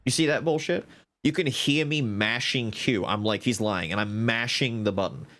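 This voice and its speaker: A man streaming a card game live, narrating his strategy, swearing and trash-talking the other players, with bursts of loud excitement. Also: medium pitch, normal speed. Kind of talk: live gaming commentary.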